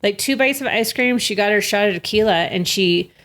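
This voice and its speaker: Woman guest, casual storyteller, filler-heavy chatty delivery, middle pitch, home kitchen. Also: brisk, a bit bright. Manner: chatty, says "like" a lot. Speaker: interview guest.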